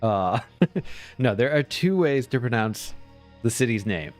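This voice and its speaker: A man's voice: medium pitch, lively intonation, unhurried, long pauses, faint music behind. A man chatting casually while streaming a game, rambling along and chuckling often. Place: home.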